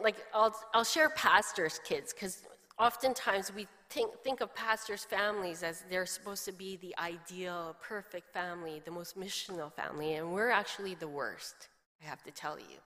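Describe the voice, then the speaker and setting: A woman's voice: medium pitch, a little slow, pushed and bright. Middle-aged woman pastor preaching in a reverberant hall. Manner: chatty, storytelling with laughs and quoted voices. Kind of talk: sermon.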